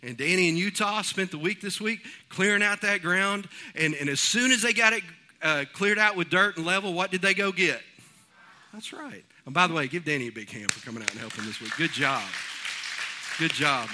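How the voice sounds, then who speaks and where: A man preaching from the pulpit. His voice is high and very bright, with a ringing edge. He tells homespun stories in a folksy, animated way. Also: a little fast, some chatter behind. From East Texas. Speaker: pastor. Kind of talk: sermon.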